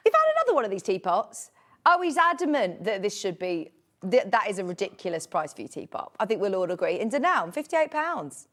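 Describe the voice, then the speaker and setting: A woman's voice: mid-range voice, sing-song, a little fast. A British woman in her thirties presenting a live home shopping show, keeping up a bubbly, chatty sales patter. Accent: British English.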